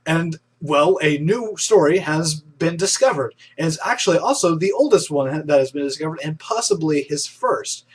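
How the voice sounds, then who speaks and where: Young male host of a casual web news show. Husky, slightly high voice, chatty and excitable, stumbles and restarts often. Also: normal speed, hardly any pauses. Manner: chatty and enthusiastic, with frequent restarts and fillers.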